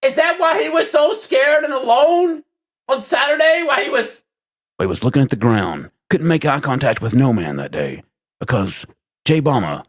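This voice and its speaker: A man hosting a livestream, reading chat aloud with profane, exasperated banter and sudden shouting, tired from lack of sleep. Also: fairly high pitch, animated, normal speed. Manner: bursts into shouting. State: short on sleep.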